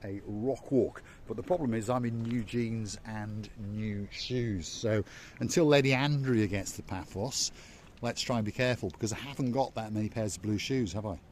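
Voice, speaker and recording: Vlog host, male, lowish voice, playful walking-tour patter, outdoors with faint background noise. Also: moderate pace, a little mellow. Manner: chatty, playful, teasing asides to viewers. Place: outdoors at a seaside harbour.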